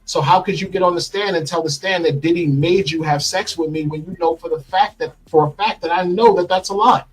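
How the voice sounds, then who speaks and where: Husky middle-aged guy in an interview, blunt and vivid, acts out the quotes, a bit high voice. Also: a little fast, low-quality recording. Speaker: interview guest telling his story. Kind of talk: candid interview storytelling.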